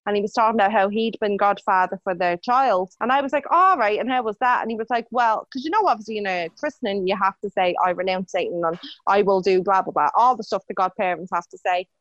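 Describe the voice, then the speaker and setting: A woman co-hosting a podcast, telling a story in a lively casual way and acting out the people in it. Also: mid-range voice, fast, few pauses, dry recording, highs cut off. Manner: animated, acts out voices in her anecdotes. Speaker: podcast co-host.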